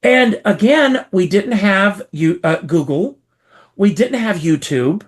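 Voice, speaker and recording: This high-pitched, slow-talking performer from South Carolina is a guest in an interview. He recounts his story with animated, stagey emphasis.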